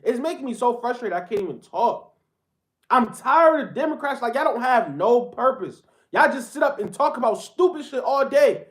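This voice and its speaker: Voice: medium pitch, expressive, moderate pace. A reaction commentator ranting bluntly in a casual, repetitive, slang-heavy way, often calling viewers bro. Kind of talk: heated casual rant.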